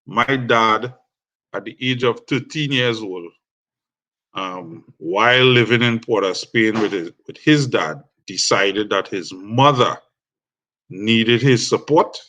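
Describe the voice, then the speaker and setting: Trinidadian man guest, unhurried, reflective storyteller, slow delivery. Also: fairly low pitch, a bit bright. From Trinidad and Tobago. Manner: measured, reflective. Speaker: guest musician. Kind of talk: storytelling interview.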